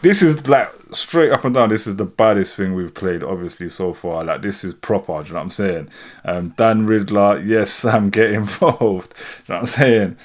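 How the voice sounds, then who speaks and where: A man's voice: on the low side, moderate pace. A man hosting a livestream, reacting to records in a laid-back, slangy way. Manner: laid-back, slangy, often adds "do you know what I'm saying". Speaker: host of a music reaction livestream. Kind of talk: casual live reaction commentary.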